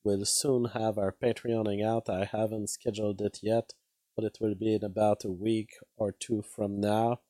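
A man's voice: lowish voice, level tone, normal speed, mellow, dry recording. A man hosting a casual news commentary show, wry and given to laughing at his own remarks. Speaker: host.

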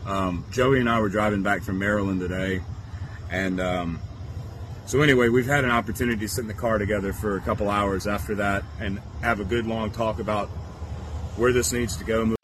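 A man's voice: on the low side, steady tone, a little fast, a bit bright, a little hiss or hum. A man speaking candidly in a casual video from a parked car. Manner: candid, laughing often.

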